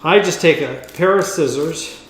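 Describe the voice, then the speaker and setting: A man's voice: on the high side, measured pace, echoey room. A man hosting a home cooking video, chatting playfully and teasing his cameraman as he mixes. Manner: playful, camp, talks to the cameraman and to the food.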